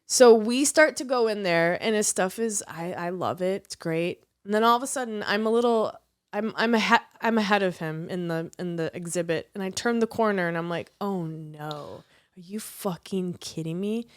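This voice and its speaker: A woman co-hosting a podcast, telling an animated, foul-mouthed story in casual chat. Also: medium pitch, moderate pace, smooth. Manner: animated storytelling, swears freely. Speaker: podcast co-host.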